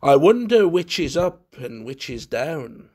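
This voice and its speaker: A man's voice: on the high side, big pitch swings, measured pace, darkish tone, husky, exaggerated voice. A man voicing a fretful, peevish young boy who complains.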